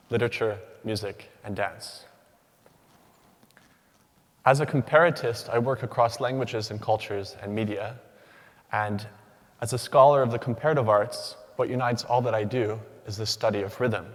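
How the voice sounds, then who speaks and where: A young adult man, a PhD candidate, gives a prepared symposium talk in a large lecture hall, his voice lowish. He speaks in a measured, rhythmic way, pausing between the words in his lists. The recording has the long reverb of a big hall.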